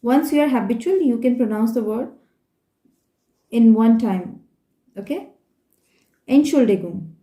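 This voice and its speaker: Pausing often and speaking a little slowly, a woman with a warm, somewhat high voice explains a beginner German textbook lesson. She has an Indian English accent, her first language is Hindi, and she patiently repeats and spells out words. The room is echoey.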